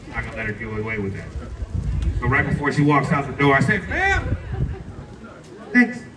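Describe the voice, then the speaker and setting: On a comedy club stage, a young man does a stand-up set, loose and playful as he addresses the audience directly. He talks fast at medium pitch against a noisy background, picked up by a distant mic in a roomy club with a faint crowd.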